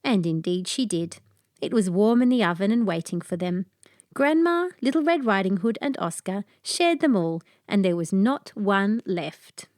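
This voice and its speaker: Expressive woman reading a fairy tale. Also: mid-range voice, moderate pace, no echo, studio quality. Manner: expressive, sing-song. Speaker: storyteller. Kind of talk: children's storybook narration.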